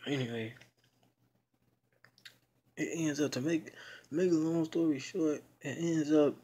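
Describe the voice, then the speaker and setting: Husky-voiced young man retelling a story. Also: a little high, measured pace, mellow. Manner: slangy, cursing, rambling. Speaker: video blogger.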